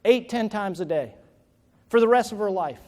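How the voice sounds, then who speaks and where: In a reverberant large hall, a man with a high-pitched, darkish voice delivers a motivational keynote at normal speed with lively intonation. He tells a personal story, then builds to emphatic exhortation.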